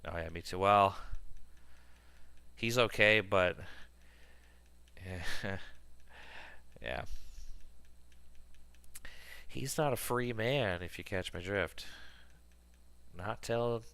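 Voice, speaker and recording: Streamer, 30s, male: low voice, dry close mic, loose rambling chat with lots of fillers. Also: drawn-out words, vocal fry, pauses often, bright, forceful tone, clean tone, dry recording. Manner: rambling, filler-heavy storytelling. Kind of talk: casual gaming stream chat.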